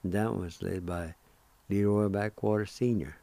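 Slow, deliberate man teaching words. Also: fairly low pitch, fairly even intonation, gravelly, mellow, no echo. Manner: spells letters one by one and repeats syllables deliberately. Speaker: radio host teaching Cherokee words. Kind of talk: slow, careful language lesson.

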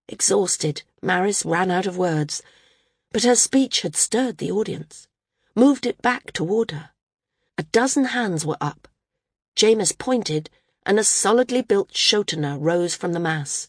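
A woman narrates a novel in a steady, measured storytelling voice. Her tone is a little husky, and the recording is dry and close. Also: on the low side, no echo. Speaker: audiobook narrator. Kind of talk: scripted narration.

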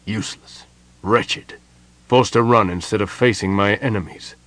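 A man voicing a proud, bitter male mage who speaks crisply and commandingly. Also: on the low side, moderate pace, fairly bright tone, no echo, close to an everyday voice.

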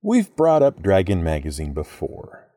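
A man hosting a podcast, reading a script with expressive, playful storytelling. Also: sits low, a little slow, no room sound. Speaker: podcast host.

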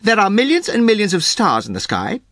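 A man's voice: sits high, huge pitch swings, brisk, fairly bright tone, no echo, full character voice. Guy doing an earnest doctor, talks it through, dry close sound.

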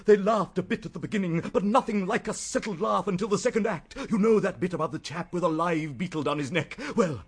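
An actor playing an effusive, overwrought theatrical playwright who gushes while laughing through tears, in a radio drama. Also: male voice, high-pitched, fairly quick, few pauses, breathy edge. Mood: breathless.

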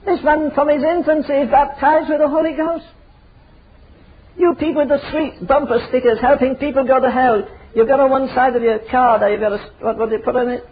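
A man's voice: extremely high pitch, fairly even intonation, a little fast, slight background noise. An older man preaching a fiery, emphatic sermon full of rhetorical questions. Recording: tinny phone-like sermon recording.

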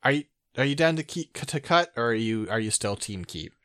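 A man's voice: medium pitch, lively intonation, a little fast, a bit bright, dry recording. A man co-hosting a podcast in casual chat, dry and sardonic, often reading entries aloud. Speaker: podcast co-host.

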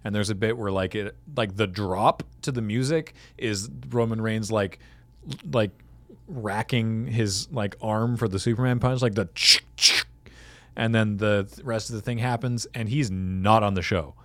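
A man's voice: fairly low pitch, unhurried, no room sound. A man on a podcast, casually recapping a wrestling show and acting out the wrestlers' lines. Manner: animated storyteller acting out quotes. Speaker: podcast co-host.

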